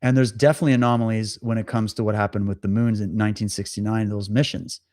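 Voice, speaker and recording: A man hosting a livestream, telling a story in a casual, animated way, often stammering, repeating himself and acting out what others said. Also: on the low side, fast, no room sound, clean studio sound. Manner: animated, stammers and repeats words, acts out quotes. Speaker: livestream host.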